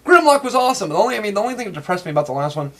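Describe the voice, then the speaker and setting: A man, chatting excitedly in an interview about his collection, rambling and laughing often. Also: sits high, very fast. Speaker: interview guest, toy collector. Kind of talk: casual interview chat.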